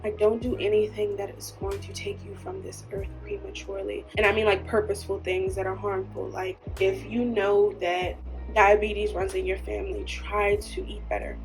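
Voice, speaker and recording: A woman's voice: medium pitch, flat delivery, normal speed, creaky, soft background music. Tearful woman podcaster, earnest and emotional. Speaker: podcast host. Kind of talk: heartfelt solo podcast talk.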